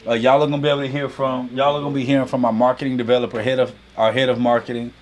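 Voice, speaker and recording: A man opens a live online class with easygoing chatter. He ribs viewers in the chat and builds excitement for the lesson in a relaxed, animated delivery that keeps slipping into friendly teasing. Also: medium pitch, rapid-fire. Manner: playful teasing banter with chat; animated hype, heavy use of y'all. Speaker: host and business coach. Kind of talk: casual livestream class intro.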